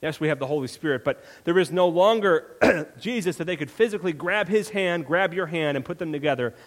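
Pastor preaching in a reverberant hall. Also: male voice, on the high side, a little fast. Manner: conversational storytelling, animated when retelling scenes. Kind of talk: sermon.

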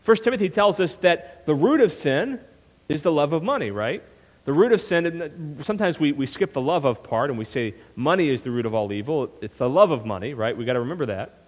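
Animated male pastor preaching in a hall. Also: on the high side, a little fast. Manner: animated storytelling with frequent "right?" asides. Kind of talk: sermon. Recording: long reverb of a hall.

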